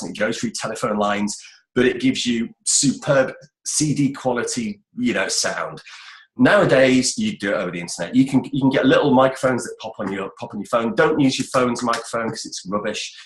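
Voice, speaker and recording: A middle-aged British man giving voice-over career advice in a casual, chatty interview, often restarting phrases. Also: mid-range voice. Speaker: voice-over expert guest. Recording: roomy echoey sound.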